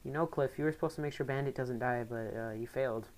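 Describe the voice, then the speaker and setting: A woman giving casual let's play commentary, rambling with excitable outbursts. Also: rumbling low, fast talker. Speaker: gaming commentator.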